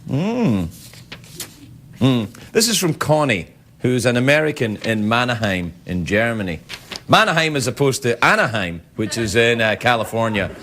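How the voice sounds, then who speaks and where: A man's voice: mid-range voice, sing-song, a little slow. Rambling man hosting late-night TV. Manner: rambling, teasing, self-interrupting. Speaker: late-night talk show host. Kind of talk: comic monologue reading viewer mail. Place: television studio with live audience. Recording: loud studio audience laughter, noise.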